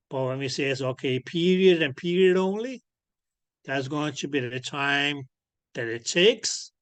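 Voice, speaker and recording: A man teaching ultrasound physics in an online lecture over a computer microphone. He keeps checking whether students follow by asking "clear?", and he fills his sentences with "okay, yes". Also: medium pitch, a bit bright, dry recording. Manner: peppers speech with filler "okay, yes". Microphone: computer mic on a video call.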